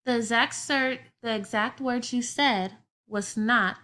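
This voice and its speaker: A woman's voice: fairly high pitch, slow pace, sharp tone. A woman teaching a grammar lesson to children, explaining patiently step by step with everyday examples.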